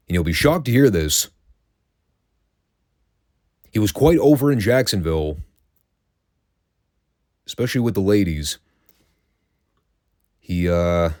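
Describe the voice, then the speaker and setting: Wry low-voiced man recapping wrestling. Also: darkish tone, dry recording, studio quality. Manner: wry, sarcastic, swears casually. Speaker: podcast host reviewing classic wrestling. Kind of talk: casual recap commentary.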